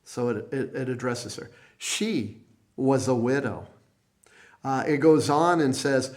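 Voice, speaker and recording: Male minister preaching; deliberate, slow, stop-and-start delivery, goes quiet on quoted lines. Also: mid-range voice. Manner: slow, halting delivery with many restarts, dropping soft when quoting. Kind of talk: sermon.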